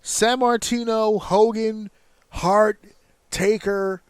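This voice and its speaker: Brief: male podcast host, higher-pitched, swears freely, ranting and storytelling, dry close sound. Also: extremely slow, clean tone, no room sound. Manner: profane, animated storytelling with mock outrage. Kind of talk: casual wrestling chat.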